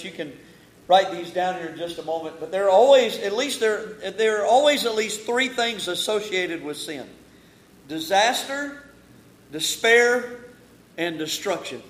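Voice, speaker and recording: High-voiced preacher in a roomy church. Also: male voice. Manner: folksy preaching, reads scripture slowly and with emphasis. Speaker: pastor. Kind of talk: evening sermon with scripture reading. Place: church sanctuary.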